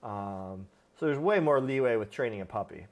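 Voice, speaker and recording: A dog trainer hosts a live stream, answering viewers' questions about their dogs in a casual, plain-spoken way packed with fillers. His fairly low voice has lively intonation and a moderate pace.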